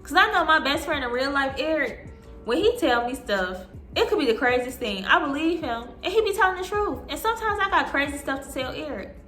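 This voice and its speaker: A young woman in her twenties telling an animated storytime, acting out what people said. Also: high voice, fairly quick. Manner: animated, acting out quotes in voices. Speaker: vlogger. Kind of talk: storytime vlog. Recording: echoey room with soft music. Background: soft background music.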